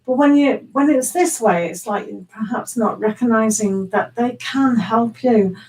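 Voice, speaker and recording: A woman's voice: on the high side, a little slow, darkish tone, recorded from a distance, low-quality recording. A woman giving live tarot readings in a chatty, giggly way, with many ums and restarts. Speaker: tarot reader.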